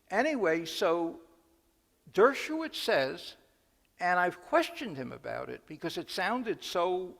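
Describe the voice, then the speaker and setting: A man's voice: a little high, vocal fry. A man, a rabbi, telling anecdotes in a conversational lecture and acting out the quotes. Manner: conversational, anecdotal, quotes people in lively voices. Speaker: rabbi giving a talk. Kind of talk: storytelling lecture. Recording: long hall reverb.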